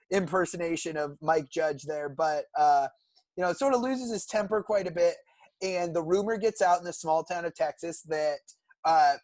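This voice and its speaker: A young man with a fairly high voice, recorded dry and close. He chats casually as a podcast co-host, eagerly walking through episodes and favorite characters at length. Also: a little mellow, dry recording. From California. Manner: enthusiastic, recounts plots at length. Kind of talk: casual chat.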